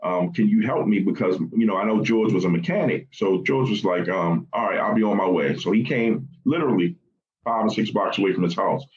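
A very low-voiced man with a Baltimore accent tells his story in a halting, conversational way, full of fillers and restarts. He often slips into quoting the people he spoke with. The podcast audio sounds a little dull. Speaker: guest recounting family loss. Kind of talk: personal storytelling in a podcast interview.

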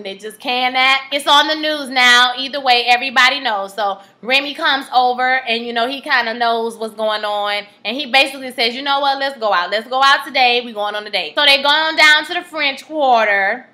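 Sassy high-voiced woman reviewing a TV episode. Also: bright, forceful tone. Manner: chatty, sassy, talks to viewers directly. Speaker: TV recap vlogger. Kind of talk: casual chat.

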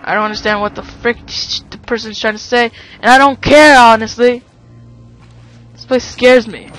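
High-voiced, bright-toned gaming man. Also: fairly even intonation, normal speed, dry recording, faint music behind. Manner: panicky yelps and jokey asides. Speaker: gaming commentator. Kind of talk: let's play commentary.

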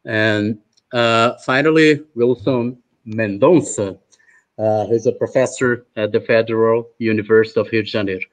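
A man's voice: on the low side, fairly even intonation, normal speed. A man from Brazil with a Brazilian Portuguese accent, moderating an online roundtable and introducing the panelists in a hesitant, chatty way full of filler uhs, over a video call.

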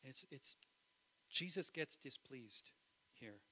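Pastor preaching in church; bright, ringing man's voice, impassioned with quiet asides. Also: medium pitch, expressive, takes it slowly, slightly rough, low-quality recording. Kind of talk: sermon.

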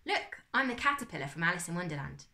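A woman reading aloud and voicing a gentle, polite young boy in a children's story, soft and wondering. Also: on the low side, very animated, fast, creaky, reverberant, exaggerated voice.

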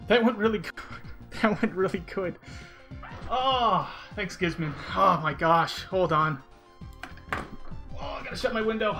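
Excitable, bright-voiced speedrun streamer. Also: medium pitch, a little slow, pauses often, soft background music. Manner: excitable, sighing, thanks viewers one by one. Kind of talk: live-stream commentary and thanking chat. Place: room at home with a window.

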